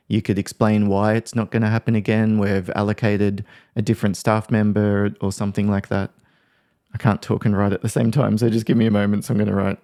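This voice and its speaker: A man's voice: lowish voice, level tone, fairly quick, creaky, warm tone. A man working as a workplace mediator, giving a casual lesson, thinking aloud and acting out example phrases.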